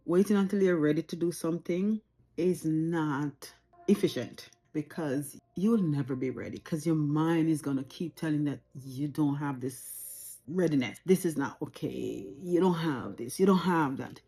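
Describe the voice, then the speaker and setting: A woman's voice: low-pitched, moderate pace, mellow, husky. A Jamaican woman in her forties, talking reflectively and earnestly to camera at home, repeating phrases for emphasis. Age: 40s. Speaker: vlogger. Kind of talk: unscripted personal talk to camera.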